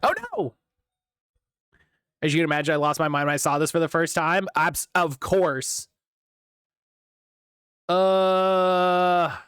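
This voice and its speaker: A man streaming a game live and reacting excitably, with frequent swearing, as he plays. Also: a little high, slow, pauses often, clean tone, dry recording, clean studio sound.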